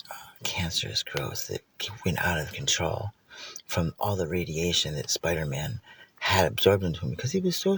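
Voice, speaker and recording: Man, gravelly voice, playful rambling storyteller, livestream, inside a car, noisy phone audio. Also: lowish voice.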